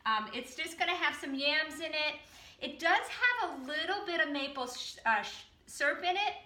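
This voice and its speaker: High bright woman from the boston area chatting through a cooking demo, lots of ums, echoey room. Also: moderate pace. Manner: relaxed, advice-giving with frequent ums. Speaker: health program host.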